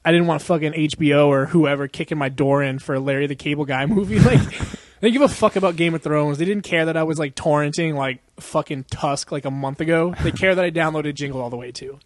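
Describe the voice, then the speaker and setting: A man's voice: a little high, fast, no echo. A young man co-hosting a podcast in casual chat, rambling and profane, laughing often and acting out quotes. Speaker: podcast co-host.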